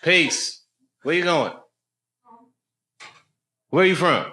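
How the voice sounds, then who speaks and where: A man's voice: fairly high pitch, lively intonation, drawn-out words, heavy background noise. A male comedian bantering casually with fans after a show, joking and laughing often. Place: crowded room after a show.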